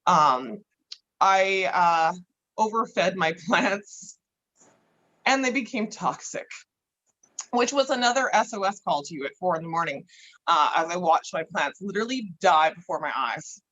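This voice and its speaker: A woman's voice: fairly low pitch, lively intonation, a little slow, fairly bright tone, highs cut off. A woman chatting casually as a podcast guest, laughing often and swearing freely. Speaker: guest grower.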